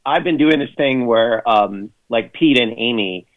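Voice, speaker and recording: A man's voice: mid-range voice, lively intonation, unhurried, narrow, tinny audio. A man speaking as a radio guest in a casual, rambling way, full of fillers and restarts, with sardonic jokes. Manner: sardonic jokes in mock voices. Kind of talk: casual radio interview chat.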